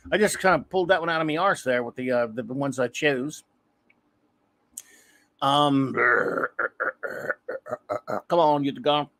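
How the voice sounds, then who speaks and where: A man's voice: on the high side, a bit bright. A man hosting a casual comics livestream, talking in a rambling, self-deprecating way with many restarts. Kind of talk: casual chat.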